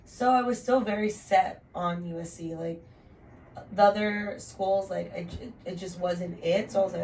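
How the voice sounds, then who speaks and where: A woman's voice: lowish voice, normal speed, a little mellow, far from the mic, slight background noise. Twenties woman, chatty storyteller who swears casually, recorded a little off-mic. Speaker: podcast host telling her story. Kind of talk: casual podcast chat.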